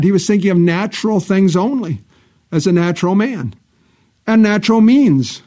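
A man preaching a sermon in an earnest, deliberate way, reading scripture in King James wording and pressing his points with emphatic repetition. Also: high voice, animated, mellow.

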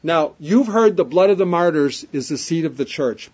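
A man preaching an emphatic sermon, repeating refrains, with his voice swelling up and dropping to a hush. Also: fairly high pitch, lively intonation, normal speed, hardly any pauses, husky. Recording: dull lo-fi sermon recording.

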